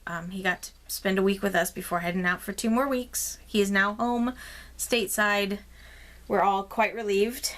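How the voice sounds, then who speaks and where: A woman talking straight to her viewers in a relaxed, rambling vlog. Her voice sits at a middle pitch, and she fills the gaps with plenty of ums as she tells her story. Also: moderate pace. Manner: chatty storytelling with many fillers; rambling and expressive. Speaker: craft vlogger. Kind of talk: casual chat.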